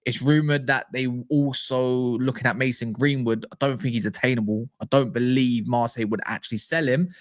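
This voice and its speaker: A man hosting a football fan livestream, rambling excitably and interrupting himself in casual chat. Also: mid-range voice, a little fast, hardly any pauses. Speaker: football fan channel host.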